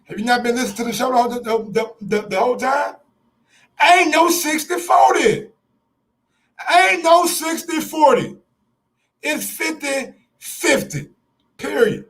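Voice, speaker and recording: A man's voice: extremely high pitch, lively intonation, measured pace, long pauses, a bit bright. A man hosting a sports show, ranting in a heated, profane live-stream style, repeating his points for emphasis.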